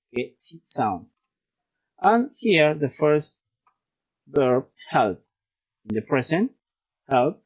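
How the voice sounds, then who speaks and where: Slow, patient male English teacher. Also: mid-range voice, breathy edge, dull audio. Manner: patient, repeats each word, switches into Spanish. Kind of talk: online class, drilling pronunciation.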